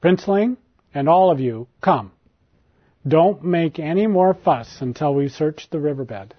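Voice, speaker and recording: A calm, kindly old hermit sage in a storybook tale, voiced by a man reading aloud. He speaks gently and without hurry, in a slightly high voice. The sound is dull and lo-fi. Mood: commanding. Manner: gentle and unhurried, commanding when roused. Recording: dull lo-fi recording.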